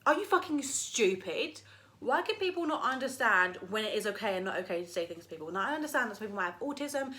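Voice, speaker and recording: Young woman, casual vlog rant, lively swearing delivery, mock voices. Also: mid-range voice. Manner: animated, swears freely, mocks people in put-on voices. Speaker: vlogger. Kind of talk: casual ranting monologue to camera.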